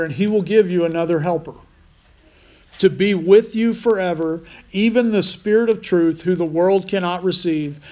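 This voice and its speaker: A man's voice: high voice, darkish tone. A man preaching a conversational sermon as pastor, restarting phrases often.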